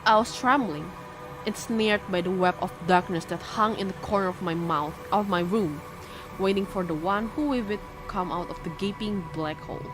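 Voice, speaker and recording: A woman's voice: mid-range voice, moderate pace. A woman streamer reading a horror visual novel aloud, breaking off into jumpy, frightened exclamations. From Indonesia. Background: game music.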